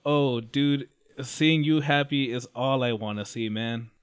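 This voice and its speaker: A man's voice: mid-range voice, measured pace, smooth, no echo, studio quality, natural voice. A man voicing a bubbly, lovestruck young woman who speaks eagerly, in a casual retelling.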